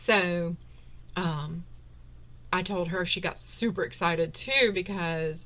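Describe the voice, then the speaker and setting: A woman with a drawl talks to her viewers in an easygoing, emotional way, with many fillers and ums. Her voice is bright and ringing. The webcam audio sounds a bit dull. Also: lowish voice, fairly even intonation, measured pace. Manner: chatty and emotional, laughs often, with many fillers. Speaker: host of a live Q&A stream. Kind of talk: casual livestream chat. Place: at home, indoors. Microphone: webcam on a desktop.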